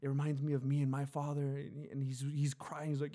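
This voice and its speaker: A man's voice: fast, hardly any pauses. A man co-hosting a podcast, telling a story in casual chat and acting out the people he quotes. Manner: animated storyteller, acts out quotes in a high voice; laughs often while telling. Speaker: podcast co-host.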